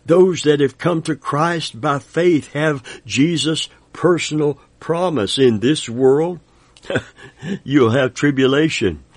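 A man's voice: fairly high pitch, slow pace, no echo. A man in his seventies preaching a sermon with an emphatic, repetitive cadence, quoting scripture and praising God. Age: 70s.

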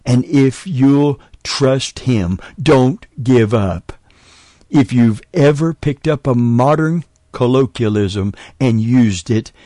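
Slow, emphatic male preacher. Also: medium pitch, a little mellow, no room sound, studio quality. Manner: slow, emphatic preaching with short broken phrases. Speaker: preacher and show host. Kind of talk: sermon.

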